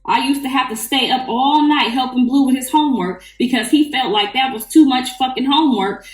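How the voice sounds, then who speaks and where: A woman's voice: sits high, brisk, far from the mic. A middle-aged woman ranting bluntly and profanely to her live-stream followers while sitting in the bath. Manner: blunt, profane, heated storytelling. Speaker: livestreamer. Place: bathroom, in the tub. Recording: echoey bathroom, away from the mic.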